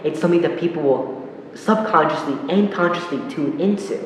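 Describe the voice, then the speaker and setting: A man giving a public speaking lesson, explaining clearly and demonstrating intonation with spoken examples. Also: on the high side, brisk. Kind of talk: instructional talk to camera. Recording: very echoey hall, faint noise.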